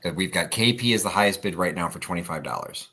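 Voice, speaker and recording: A man co-hosting a live online auction, quick and practical as he keeps track of the bids and the chat. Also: sits low, pushed and bright, breathy edge. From South Jersey. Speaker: auction co-host.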